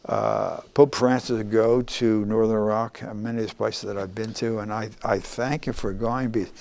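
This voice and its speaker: Older man, earnest interviewee, halting delivery with frequent restarts. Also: fairly low pitch, fairly even intonation, gravelly, darkish tone. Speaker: former congressman, guest.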